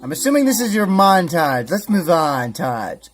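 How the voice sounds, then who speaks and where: A man's voice: fairly high pitch, big pitch swings, moderate pace, soft background music. A man giving a sarcastic, profane comedic review, ranting over clips.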